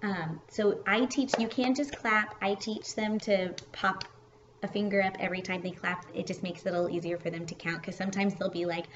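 Woman, kindergarten teacher, casual teaching video, chatty with fillers, mid-pitched voice, faint hiss. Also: a little fast, highs cut off. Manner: chatty, relaxed, with fillers and restarts. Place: at home.

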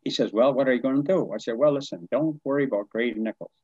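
Older man from New Brunswick, husky voice. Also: mid-range voice, fast talker, no echo, lo-fi sound. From New Brunswick, Canada. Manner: animated, acts out quoted dialogue, chuckles often. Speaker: podcast guest. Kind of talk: storytelling in conversation.

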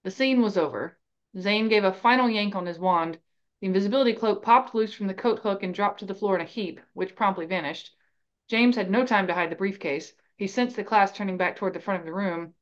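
A woman podcast host reading a fan novel aloud in an even, steady storytelling voice, on a slightly dull recording. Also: mid-range voice, brisk.

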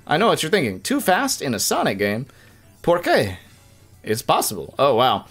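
Animated young man streaming a game. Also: medium pitch, slightly rough, soft background music. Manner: animated, jokey, quick outbursts of frustration at the game. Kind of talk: casual live-stream commentary.

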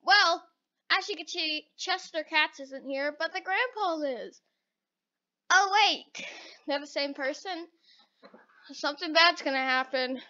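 A woman's voice: high-pitched, a little slow, pauses often, pushed and bright, muffled recording. A woman giving casual let's-play commentary, chatty and retelling the dialogue as she goes.

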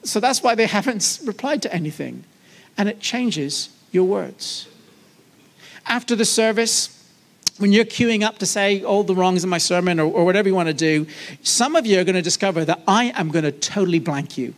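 A man preaching to a church congregation in a lively, conversational way, joking and asking the audience questions. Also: high-pitched, moderate pace. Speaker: guest preacher. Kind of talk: sermon. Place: church service.

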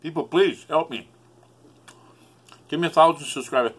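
A man's voice: fairly high pitch, moderate pace, pauses often, husky. A man rambling emotionally in a solo vlog, swearing often and close to tears. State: upset, near tears. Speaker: YouTuber.

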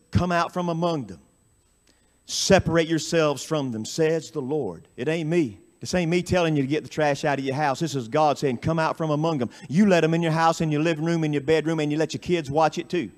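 High-voiced preacher building to a chant. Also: male voice. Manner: rising into chanted, shouted preaching. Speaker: pastor. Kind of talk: camp meeting sermon. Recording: radio broadcast of live sermon.

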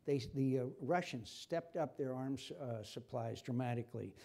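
An older American senator with a creaky, warm, mid-range voice speaks at a moderate pace, answering an interviewer's questions at a lecture forum before an audience. When stirred he grows impassioned and repeats himself.

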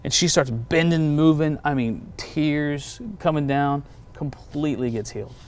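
A man, a pastor, telling personal testimony stories in a relaxed conversation, acting out the voices of the people he quotes. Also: on the high side, measured pace, clear, resonant tone. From United States.

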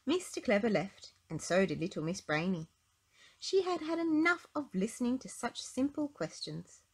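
A woman reading a children's picture book aloud in an expressive, sing-song way. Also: a little high, moderate pace, slightly rough. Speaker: storybook reader. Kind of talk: children's read-aloud narration.

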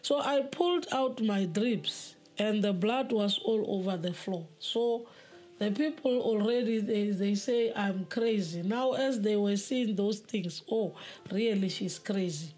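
A woman giving a spoken testimony in an earnest, halting way, often repeating words. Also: mid-range voice, a little mellow. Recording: faint music behind.

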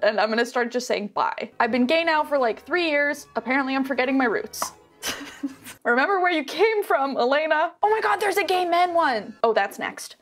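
Bubbly young woman vlogging, high voice. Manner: bubbly, self-teasing, quick asides with laughs. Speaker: YouTube reaction host. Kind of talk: casual vlog chat to camera.

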